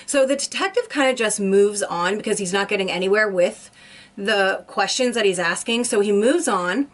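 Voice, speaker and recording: A woman's voice: medium pitch, normal speed. Woman vlogger, conversational storyteller, loose and rambling, mid-range voice. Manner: rambling, restarts, frequent "like". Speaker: YouTuber. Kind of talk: casual true crime storytelling.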